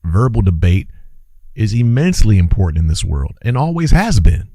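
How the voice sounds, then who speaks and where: A man's voice: fairly low pitch, sing-song, moderate pace, mellow, no room sound. A man hosting an impassioned opinion monologue, preachy and urgent, repeating his phrases for emphasis and calling his listeners brothers and sisters. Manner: urgent, exclaiming. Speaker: host and commentator.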